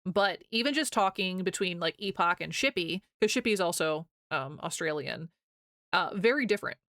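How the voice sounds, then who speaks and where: A woman's voice: on the low side, animated, moderate pace, a bit bright, no echo, clean studio sound. A young American woman streaming live, chatting casually with her viewers, rambling and laughing often as she reads chat aloud.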